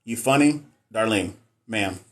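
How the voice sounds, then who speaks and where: A man's voice: on the low side, lively intonation, unhurried, a bit bright. A man, chatting casually on a live stream into a phone, joking and swearing as he answers viewers' questions. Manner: loose and joking, slangy, swears freely, talks straight to viewers. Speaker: nurse and NCLEX coach hosting a live stream.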